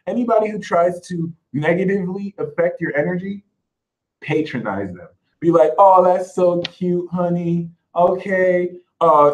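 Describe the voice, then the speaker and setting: A man's voice: on the high side, rough recording. A man speaking as an astrology reader, giving spiritual advice in an emphatic, sassy way and mocking imagined critics in put-on voices.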